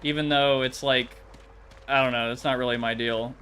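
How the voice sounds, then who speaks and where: A man's voice: medium pitch, fairly even intonation, moderate pace, a bit bright, slight background noise. A man streaming a video game and chatting casually, rambling, swearing often and laughing easily. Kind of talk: casual chat.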